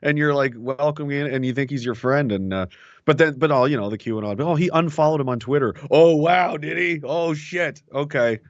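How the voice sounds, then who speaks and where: A man's voice: mid-range voice, lively intonation, moderate pace, no room sound. A man talking casually and sarcastically about politics, swearing and laughing along the way. The sound is dry and a bit dull, like a web call.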